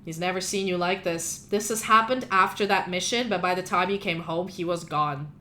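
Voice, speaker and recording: A woman narrating as game master of a tabletop role-playing game, chatty and animated. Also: lowish voice, normal speed, a little hiss or hum.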